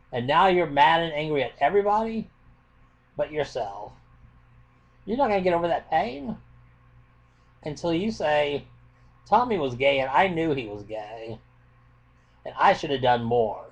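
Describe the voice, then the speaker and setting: A man's voice: a little high, darkish tone. A man ranting into his webcam at home, blunt and impassioned, swearing freely. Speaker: vlogger. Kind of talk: webcam rant.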